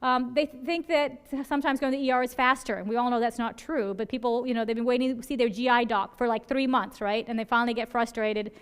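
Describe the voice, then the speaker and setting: A woman physician lecturing at a rapid clip, her voice pitched a little high and coming across smooth and clear. She keeps it conversational, acting out little scenes from the emergency room and tagging her points with a quick "right?". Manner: animated storytelling with quoted dialogue. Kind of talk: conference lecture.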